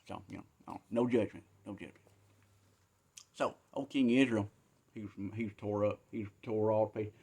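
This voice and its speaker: A man's voice: lowish voice, quick pace, gravelly, a little mellow, husky. A man telling a Bible story in a rambling, joking, colloquial way.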